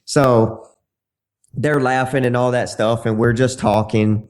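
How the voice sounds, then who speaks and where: A man's voice: mid-range voice, fairly even intonation, slow. Brash man telling stories. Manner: brash, bawdy, acts out dialogue in shifting voices. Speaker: podcast guest, dating coach. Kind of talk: casual anecdote storytelling.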